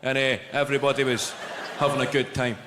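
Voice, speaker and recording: A Scottish man with a Glaswegian accent performing a stand-up comedy routine, telling a story in a deadpan way with crude swearing. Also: mid-range voice, fast talker, a little hiss or hum. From Scotland. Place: large live venue. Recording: echoey hall with loud ambience. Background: audience laughter.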